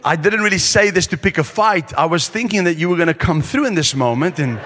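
A man preaching at a conference, telling a story with lively, acted-out quotes. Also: high voice, a little fast. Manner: animated storyteller acting out quotes. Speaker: pastor. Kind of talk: sermon storytelling. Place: large conference hall. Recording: long hall reverb.

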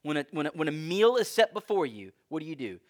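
A man's voice: on the high side, big pitch swings, fast. A man preaching a sermon in a conversational, emphatic way. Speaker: pastor.

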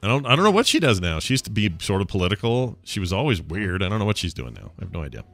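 A man's voice: big pitch swings, rapid-fire, gravelly, fairly bright tone, no echo. A man co-hosting a podcast, chatting casually and jokingly, sometimes slipping into silly voices. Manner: jokey, breaks into silly high put-on voices. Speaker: podcast co-host. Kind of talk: casual comedic chat.

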